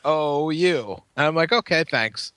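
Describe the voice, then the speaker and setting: A man co-hosting a casual comedy podcast, telling stories with deadpan delivery and free swearing. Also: a little high, a little slow, noisy background. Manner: storytelling, deadpan, swears freely. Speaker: podcast co-host.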